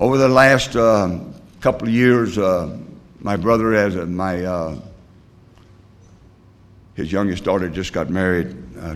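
An older man with a fairly low voice, sharing his recovery story with a group. He talks bluntly and plainly and rambles, with lots of "uh" and "you know" and sentences he restarts. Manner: plain, blunt working-class talk. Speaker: recovery meeting speaker.

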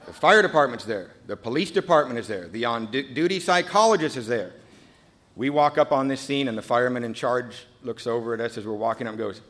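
A man sharing his recovery story at a meeting, a lively storyteller who acts out the other people's voices and goes quiet and earnest when he reflects. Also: medium pitch, fairly quick.

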